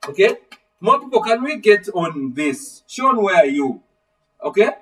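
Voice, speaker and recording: A man with a high voice teaches a live online literature lesson at an unhurried pace, calling on students by name and posing fill-in-the-blank questions. He's animated and does the voices of characters. He sounds far from the mic, and the recording is rough.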